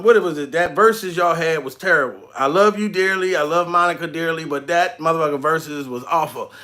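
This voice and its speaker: A man, a comedian, telling a profane, animated story in a vlog, laughing often. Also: high-pitched. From New York.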